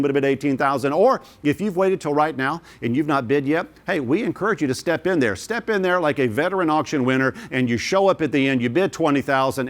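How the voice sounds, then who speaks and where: Revved-up man calling a charity auction. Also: on the high side. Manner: energetic, urging bidders, rhythmic repeated bid calls. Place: studio of a virtual gala broadcast.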